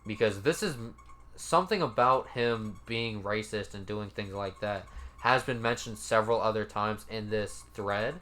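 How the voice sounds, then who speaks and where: Low-voiced man in casual commentary. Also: normal speed, pushed and bright. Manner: laid-back, profane, mildly incredulous. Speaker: commentary YouTuber.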